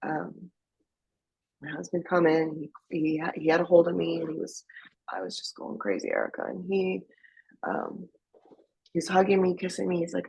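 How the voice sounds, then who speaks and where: Gravelly low-voiced woman from Afghanistan. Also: very animated, dark tone, dry recording. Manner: candid, emotional, halting with restarts. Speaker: interview guest. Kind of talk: personal testimony storytelling.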